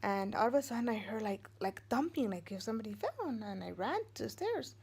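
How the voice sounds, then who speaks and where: A woman's voice: a little high, big pitch swings, a little fast, darkish tone, breathy edge. A woman in her forties, a vlogger and mother of three, telling a story casually, rambling with many fillers and restarts and acting out what others said.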